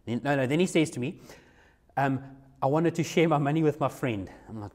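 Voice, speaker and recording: A man's voice: mid-range voice, brisk, a little mellow. Young man preaching. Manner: conversational, repeats himself, acts out his own quoted lines. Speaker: youth pastor. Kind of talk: sermon with personal story.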